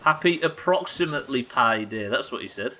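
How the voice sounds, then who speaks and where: Sarcastic streamer with a bright voice. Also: male voice, medium pitch, lively intonation, fairly quick, a little hiss or hum, low-quality recording. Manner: sarcastic, swearing, teasing banter with chat. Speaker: game streamer. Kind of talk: live gameplay commentary and chat reading.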